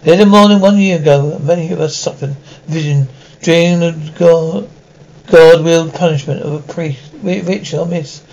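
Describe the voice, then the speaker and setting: A man's voice: on the high side, steady tone, normal speed, gravelly, a little mellow, low-quality recording. A man voicing a self-righteous archbishop delivering a pompous sermon. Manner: preaching, pompous.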